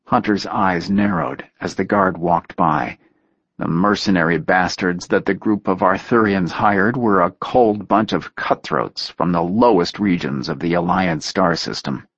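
A man reading a story aloud in a steady, measured narration. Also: deep voice, slightly rough, no echo, highs cut off. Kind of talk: audiobook narration.

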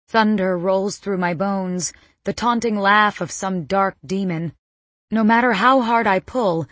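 A woman's voice: medium pitch, no echo. A woman narrating a first-person audiobook with tense, dramatic storytelling.

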